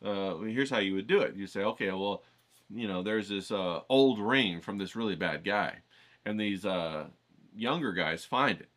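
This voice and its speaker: A man's voice: on the low side, normal speed, a bit bright. A man hosting a writing challenge, talking casually and rambling, swearing now and then and checking in with "okay?". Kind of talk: casual teaching vlog. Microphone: filtered through a voice isolator.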